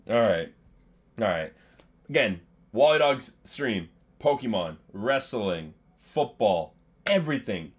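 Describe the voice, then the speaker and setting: A young man commentating his own live game stream, chatting with his viewers and swinging between low mumbles and loud outbursts. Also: a little slow, husky. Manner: excitable, swings from mumbling to yelling, banters with chat.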